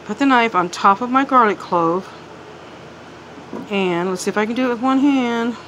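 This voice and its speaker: A woman's voice: fairly high pitch, normal speed, fairly bright tone, slight background noise, low-quality recording. A woman showing her kitchen projects in a chatty home vlog, filming one-handed on her phone and a little out of breath. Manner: chatty, talks while working one-handed. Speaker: cooking vlogger. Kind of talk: casual kitchen demonstration. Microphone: handheld phone.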